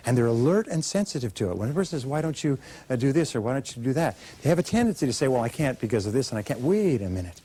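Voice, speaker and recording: A man's voice: medium pitch, mellow, husky. A man giving a motivational seminar speech, emphatic and coaching the audience to repeat after him. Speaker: motivational speaker. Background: audience repeating lines.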